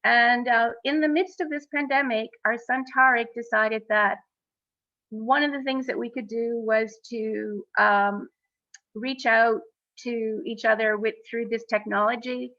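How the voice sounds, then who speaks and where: A woman co-founder speaking on a panel over a video call, in an earnest, halting way with many fillers. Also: on the high side, steady tone, sharp tone, dry recording, highs cut off. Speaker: exhibition co-founder.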